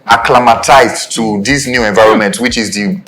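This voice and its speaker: A young adult man with a Nigerian accent co-hosts a casual podcast chat, his voice on the low side at normal speed, with a crowd in the background. He's animated and keeps checking "do you understand."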